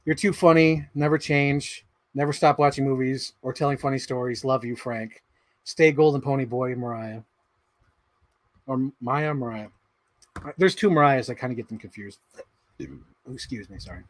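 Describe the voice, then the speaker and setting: Animated man reading his old yearbook. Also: medium pitch, moderate pace. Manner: animated, swearing, laughing, easily sidetracked. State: out of breath. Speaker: livestream host.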